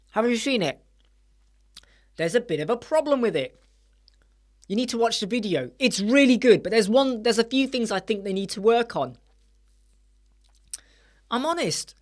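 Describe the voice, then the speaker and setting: Blunt male live-stream host, emphatic, rhetorical questions. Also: extremely high pitch. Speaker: web design channel host. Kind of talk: live stream chat to viewers. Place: small dark soundproofed room.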